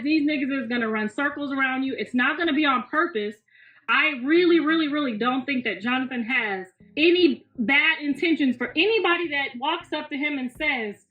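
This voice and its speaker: A woman in her fifties, hosting a casual livestream from home, talking bluntly with lots of profanity and laughter. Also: high voice. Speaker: livestream host. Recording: roomy, distant, slightly muffled, faint music.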